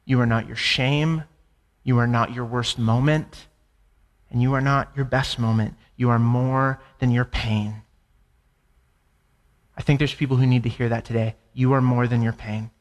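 Impassioned pastor in an echoey hall. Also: male voice, medium pitch, fairly even intonation, normal speed, pauses often. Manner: impassioned, repetitive emphasis, stammering restarts. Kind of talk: sermon.

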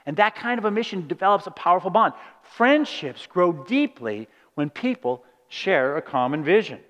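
Male pastor, high voice, animated sermon delivery, long hall reverb. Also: moderate pace, dull audio. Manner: animated, acts out quoted voices, asks "right?" often.

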